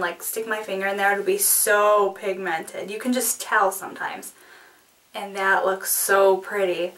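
A woman beauty vlogger in casual chat, opening a package, giggly, excitable and apologetic. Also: on the high side, recorded from a distance, background noise.

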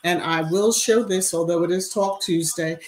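A woman's voice: on the low side, moderate pace, darkish tone, poor audio. A woman hosting a casual live stream, greeting viewers by name and chatting emphatically. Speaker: YouTube livestream host. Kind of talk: casual live-chat commentary.

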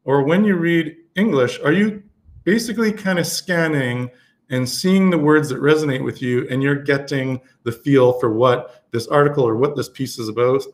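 A man teaching a Spanish lesson on a live stream, talking casually with many fillers and restarts. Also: medium pitch.

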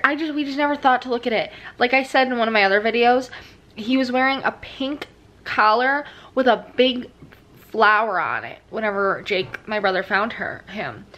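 A woman's voice: on the high side, a bit bright. Chatty young woman with a slight lisp. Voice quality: slight lisp from a new tooth crown. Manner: chatty, rambling, many fillers. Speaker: vlogger. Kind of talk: casual vlog chat. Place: living room at home, on the couch.

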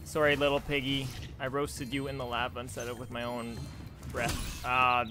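A man's voice: mid-range voice, monotone, normal speed, over music. A young man commenting casually on his video game playthrough, chatty and easily distracted. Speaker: gameplay streamer. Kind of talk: casual let's-play commentary.

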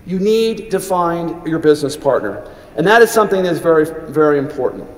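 Middle-aged guy giving a commencement speech, kinda high voice, big echoey hall. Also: expressive, fairly quick. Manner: earnest, anecdotal storytelling with many restarts. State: briefly choked up with emotion. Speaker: commencement speaker. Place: large hall.

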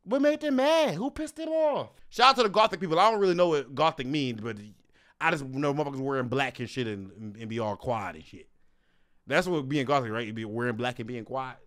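A man's voice: mid-range voice, expressive, fast, fairly bright tone. A man hosting a music reaction, talking in an exclamatory, incredulous way with slang and frequent swearing. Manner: slangy, calls listeners bro. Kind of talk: live music reaction commentary.

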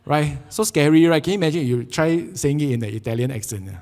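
A man preaching a sermon with a Singaporean English accent, telling jokey, animated stories and acting out quotes. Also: a little high, quick pace, in a large hall. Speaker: pastor. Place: church sanctuary.

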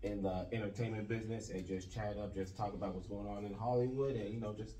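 Man, podcast host, casual slangy talk, lowish voice, echoey room, distant mic. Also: steady tone, fast, warm tone, a little hiss or hum. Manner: laid-back, slangy.

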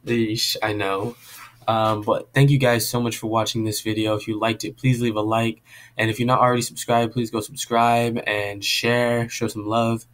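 A man's voice: on the low side, flat delivery, normal speed, a bit bright. A man hosting his own vlog in a casual, goofy and self-deprecating way. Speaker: vlogger.

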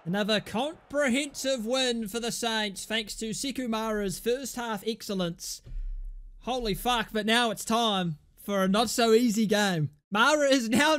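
Excitable high-voiced young man. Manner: excitable, swearing, commentating on his own match. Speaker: gaming YouTuber. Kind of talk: live game commentary.

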